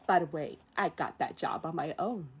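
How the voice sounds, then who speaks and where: Stiff, haughty older official, lowered voice, played by a woman. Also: moderate pace, breathy edge, heavily acted. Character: pompous older male imperial official.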